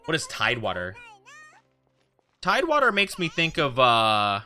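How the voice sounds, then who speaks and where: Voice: mid-range voice, wildly swooping pitch, moderate pace, bright, forceful tone, faint music behind. A VTuber streamer in rambling casual chat with viewers during a game stream.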